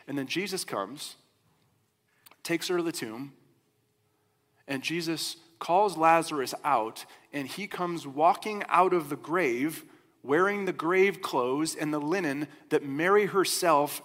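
A man preaching a sermon as a pastor, in a conversational, animated storytelling way. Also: fairly high pitch. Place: church sanctuary. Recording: long hall reverb.

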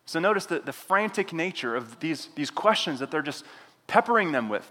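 A man preaching an expository sermon, retelling the scripture passage with animated voiced asides. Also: fairly high pitch, brisk. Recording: long hall reverb.

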